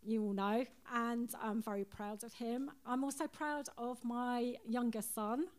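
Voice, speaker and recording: High slow-talking proud mum. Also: female voice, steady tone. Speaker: mother of a guest.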